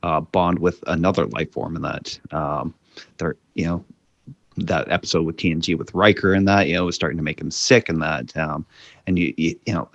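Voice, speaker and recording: A man with a very deep voice talks on a casual review podcast. He speaks haltingly, stopping and restarting his sentences. His recording is slightly muffled and lo-fi, with a dry, close sound. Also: fairly even intonation, no echo. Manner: halting, many fillers and restarts. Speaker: podcast co-host.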